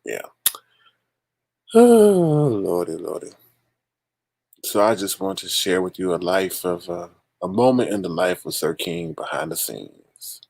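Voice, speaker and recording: Gravelly, animated man hosting a livestream. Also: low-pitched, takes it slowly, pauses often, no echo. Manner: exasperated, laughing, talks to chat as "y'all". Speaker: livestream host. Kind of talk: casual livestream chat.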